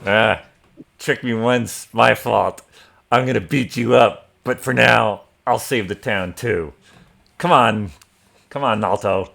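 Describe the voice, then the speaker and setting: A man voicing a blunt half-ogre shopkeeper in a tabletop game, loud and blustering. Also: fairly low pitch, takes it slowly, gravelly, full character voice.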